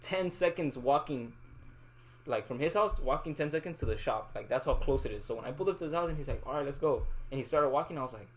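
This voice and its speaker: A man's voice: medium pitch, quick pace. A young man co-hosting a casual chat with friends, telling stories full of slang and swearing and acting out what people said. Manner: animated storyteller, heavy slang and swearing, acts out quotes. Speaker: podcast co-host.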